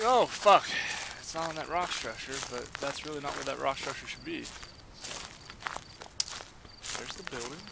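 Man, let's play commentary, muttering and swearing to himself, slow, very lively pitch, cricket noise behind. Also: vocal fry. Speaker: gamer.

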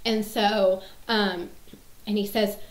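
A woman's voice: mid-range voice, little pitch movement, takes it slowly, echoey room, low-quality recording. A woman in her thirties chatting casually to camera, rambling with many fillers and restarts. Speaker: mom sharing favorite movie quotes.

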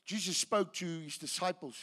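Bright high-voiced preaching man. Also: normal speed. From South Africa. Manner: impassioned preaching, swinging from hushed to shouted; restarts and repeats words mid-sentence. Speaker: pastor. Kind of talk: sermon. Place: church.

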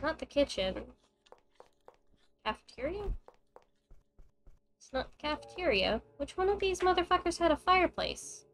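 A woman's voice: sits high, big pitch swings, normal speed, long pauses, fairly bright tone, poor audio. A young woman streaming a horror game, thinking aloud and swearing freely as she plays. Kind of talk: casual gameplay commentary. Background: faint game music.

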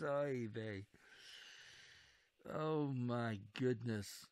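A man's voice: mid-range voice, lively intonation, measured pace, pauses often, no room sound. A man playing a strategy wargame who comments casually, urges his units on and reacts to each turn with groans and cheers. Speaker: wargame video host. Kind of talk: casual let's-play commentary.

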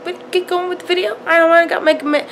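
A young woman, hoarse from a cold, chatting sassily to her phone camera and calling her viewers honey. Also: extremely high pitch, little pitch movement, quick pace, a bit bright, slight background noise. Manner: sassy, playful, addresses viewers as honey and y'all. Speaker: jewelry vlogger. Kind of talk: casual chat to camera. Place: small room at home. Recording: echoey room with faint ambience.

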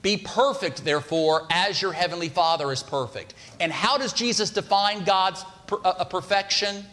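A man's voice: sits high, moderate pace, sharp tone. Conversational male preacher, reverberant hall. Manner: conversational, asks the congregation questions. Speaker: pastor. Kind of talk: sermon. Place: church sanctuary.

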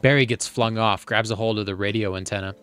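A man's voice: on the low side, fairly even intonation, quick pace, fairly bright tone, smooth. A man reading a movie script's stage directions aloud for comedy, now and then tripping over words.

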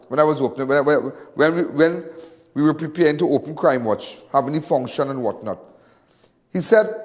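A middle-aged man with a Trinidadian accent, hosting and speaking to viewers in an impassioned monologue, repeating himself and swinging between loud and hushed. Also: on the high side, normal speed, big-room sound. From Trinidad and Tobago. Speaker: host.

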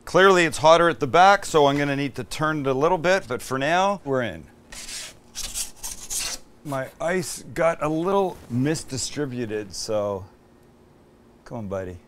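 A man's voice: a little high, lively intonation, a little slow, pauses often, a bit bright, a little hiss or hum. A man hosting a casual cooking show, joking with his crew as he cooks.

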